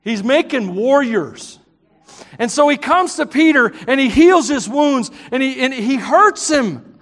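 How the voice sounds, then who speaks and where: A man with a Southern US accent preaching a sermon, telling stories in an animated, joking way and breaking into shouts. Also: extremely high pitch, a little slow. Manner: animated, joking storyteller who bursts into shouts. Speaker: pastor. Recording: long hall reverb.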